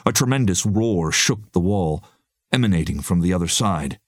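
A man narrating an action story in a steady, even storytelling manner. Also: sits low, moderate pace, dry recording, clean studio sound. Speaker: audiobook narrator. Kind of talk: scripted narration.

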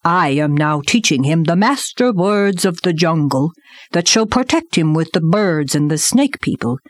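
Lady reading as a stern old bear teacher, earnest, lecturing, slow and low-ish, dry close sound. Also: dry recording.

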